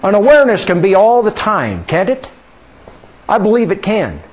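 Man preaching, lively pitch, husky voice, muffled lo-fi church recording, rhetorical questions. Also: moderate pace. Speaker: pastor. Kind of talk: sermon. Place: church sanctuary.

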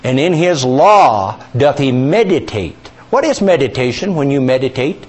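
A male pastor teaching a sermon, asking the congregation questions, repeating key words and stretching scripture quotes out slowly. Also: mid-range voice, sing-song.

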